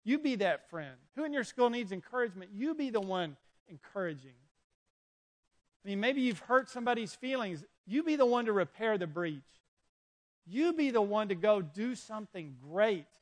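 High-voiced man preaching to youth. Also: normal speed. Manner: animated, storytelling, urges listeners directly. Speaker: youth pastor. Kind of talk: sermon. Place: indoor room with an audience.

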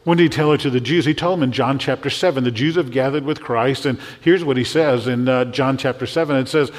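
A male pastor preaching a sermon in a church, animated, often acting out the voices he quotes and repeating words as he goes. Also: medium pitch, brisk. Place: church sanctuary. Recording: long hall reverb.

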